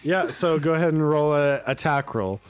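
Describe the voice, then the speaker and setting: A man's voice: on the high side, moderate pace, soft background music. A man narrating as game master of a tabletop game, easygoing and a bit hesitant.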